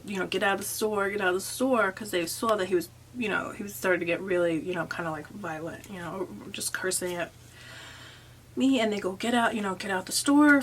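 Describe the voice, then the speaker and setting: A young woman vlogger telling a story in a chatty, animated way, with many fillers and hushed asides. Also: mid-range voice, a little hiss or hum. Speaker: makeup artist and vlogger. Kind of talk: casual storytime.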